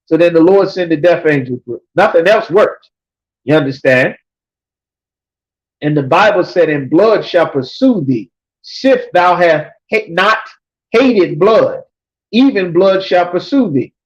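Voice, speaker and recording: A man teaching a scripture class, reading verses slowly and then explaining them emphatically, often checking with "you understand?". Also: high-pitched, expressive. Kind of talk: preaching scripture breakdown. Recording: dull lo-fi recording.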